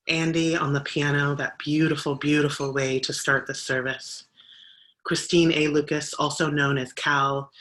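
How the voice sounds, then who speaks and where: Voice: mid-range voice, fairly bright tone. A minister speaking to an online congregation, thanking helpers and giving announcements in a loose, conversational way with fillers. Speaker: minister leading the service. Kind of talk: spoken service announcements.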